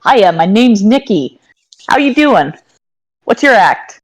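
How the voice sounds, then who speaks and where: A woman's voice: medium pitch, very animated, takes it slowly. Woman doing a folksy, eager cartoon snow cone seller. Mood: friendly.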